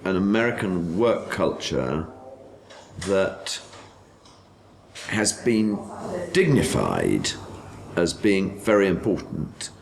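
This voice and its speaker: A man speaking as a commentator in a documentary interview, measured and full of pauses and hesitations. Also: sits low, very animated, creaky, rough recording. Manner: slow and measured, with many hesitations.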